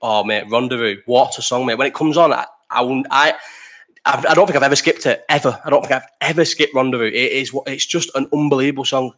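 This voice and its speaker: A man's voice: mid-range voice, fast talker, a bit bright. Young Bolton-accented male host, casual live chat, blunt and sweary. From Bolton, England. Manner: blunt, sweary and opinionated, jumping between topics.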